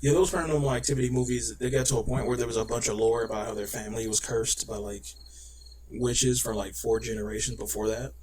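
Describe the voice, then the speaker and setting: A young man co-hosting a podcast in casual chat, rambling with many "like" fillers and acting out scenarios in quick put-on voices. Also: medium pitch, a little hiss or hum, rough recording. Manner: rapid, rambling, full of "like" fillers; animated, acts out scenarios in voices. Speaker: podcast co-host.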